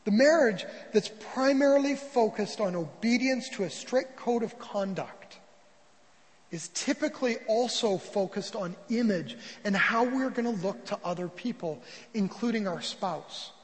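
A man's voice: high voice, expressive, measured pace, long reverb tail, poor audio. A man preaching a sermon as a pastor, telling a story and acting out the quoted voices.

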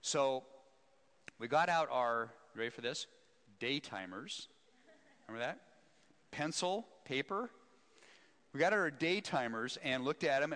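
A man who leads a seminary, telling a story in an animated, self-mocking way during a teaching talk. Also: medium pitch. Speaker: seminary president, speaker. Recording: echoey hall.

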